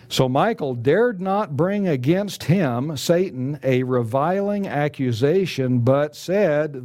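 A man preaching a sermon, earnest and emphatic, slowing down to stress scripture quotes. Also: mid-range voice, warm tone.

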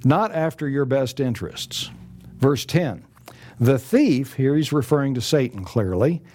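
A male preacher delivers a sermon in a mellow, warm voice. He speaks earnestly and emphatically. He slows down to stress each scripture he quotes. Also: medium pitch, lively intonation.

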